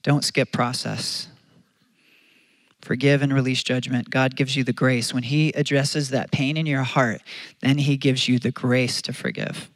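A man's voice: mid-range voice, level tone, unhurried, dry recording. A man preaching a sermon as pastor, earnest and conversational, often restarting his phrases.

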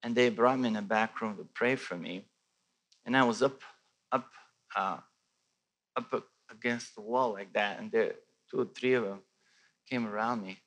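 A man from Bulgaria telling a personal faith testimony in animated storytelling, with many restarts and a voice that rises and falls. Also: lowish voice, moderate pace, long pauses. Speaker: testimony speaker.

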